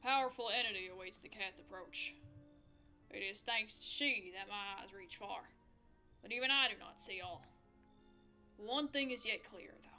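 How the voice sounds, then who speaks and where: A woman voicing a solemn, cryptic seer who speaks in a hushed, ominous way. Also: mid-range voice, moderate pace, pauses often, faint music behind, natural voice. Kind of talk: game voice acting.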